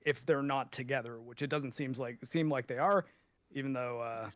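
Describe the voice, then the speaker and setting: A man's voice: mid-range voice, moderate pace, dry recording. Rambling man on a dry mic. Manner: rambling, hesitant. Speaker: podcast guest. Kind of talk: casual show breakdown chat.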